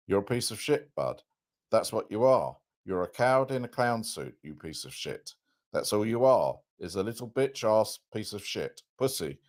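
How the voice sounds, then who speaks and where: A man reading aloud and acting out a furious man yelling abusive insults at a police officer. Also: fairly low pitch, voice pushed up. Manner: shouting, abusive, rapid-fire insults.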